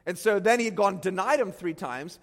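Animated preacher, high lively voice, hall echo. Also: male voice, fairly quick. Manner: animated, acts out quotes with sudden loud bursts, self-deprecating asides. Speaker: pastor. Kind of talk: sermon. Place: church stage. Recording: long hall reverb.

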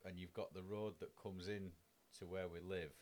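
A man's voice: low-pitched, flat delivery, normal speed, darkish tone. A man, co-hosting a podcast in casual chat, blunt and teasing, swearing freely. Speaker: podcast co-host.

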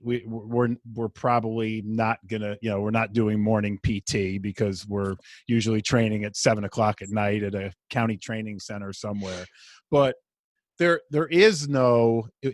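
A man's voice: fairly low pitch, dry recording. Conversational man host, dry sound. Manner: conversational, halting questions. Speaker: podcast host. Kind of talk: podcast interview.

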